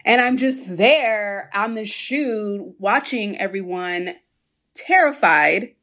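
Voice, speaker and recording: A woman's voice: mid-range voice, slow, a bit bright. A woman in casual conversation, telling a story with animation and acting out the voices of people she quotes.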